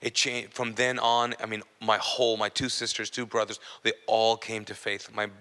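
A man's voice: level tone, moderate pace, smooth. Man preaching in a reverberant hall. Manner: storytelling, often dropping to a low hushed voice. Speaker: minister. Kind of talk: sermon testimony.

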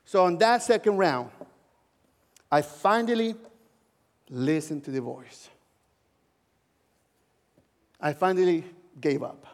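A male pastor with a notably high voice gives a heartfelt sermon that works his own story in, with soft laughs here and there. His words ring through a long reverb from a large church hall. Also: measured pace. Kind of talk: sermon with personal testimony.

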